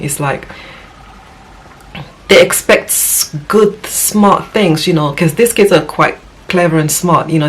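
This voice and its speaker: A woman's voice: deep voice, rough recording. A woman with a West African accent talking casually to camera as a parent vlogger, rambling and earnest, with many fillers and restarts.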